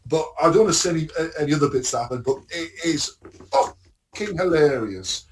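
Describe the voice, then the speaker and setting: Man, casual podcast chat, rambling, swearing, lively pitch. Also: fairly quick, slight background noise. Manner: rambling, swearing, acts out scenes with bursts of excitement. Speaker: podcast co-host. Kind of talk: casual chat about TV shows.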